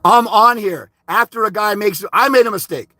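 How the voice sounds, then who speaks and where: A man's voice: high-pitched, moderate pace, pushed and bright, no echo, studio quality. A man ranting on a livestream, heated and profane, scolding his critics. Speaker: fathers' rights advocate streaming live. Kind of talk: angry livestream rant.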